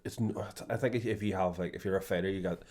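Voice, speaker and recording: Low-voiced man chatting. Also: steady tone, quick pace, a little mellow. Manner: rambling, laughs often, acts out quotes. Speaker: podcast co-host. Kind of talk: casual chat.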